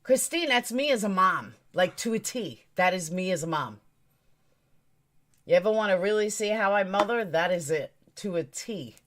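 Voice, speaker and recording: A woman streamer gives blunt, emphatic commentary and answers her chat directly. Her pitch sits in the middle for a woman. She is opinionated and firm in every line. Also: lively intonation, moderate pace, fairly bright tone. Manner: talks straight to her chat. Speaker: true crime streamer.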